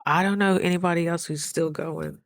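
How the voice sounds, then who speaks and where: A woman's voice: fairly low pitch, fairly even intonation, moderate pace, a little hiss or hum. A woman talking through a casual diary vlog, earnest and reflective, sometimes close to tears. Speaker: vlogger.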